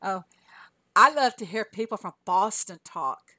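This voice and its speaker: A woman's voice: medium pitch, lively intonation, a little slow, bright, forceful tone, no echo. An older woman with a Southern US accent chatting casually on a live stream, laughing often and answering her chat aloud. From Southern US, Arkansas. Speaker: game streamer.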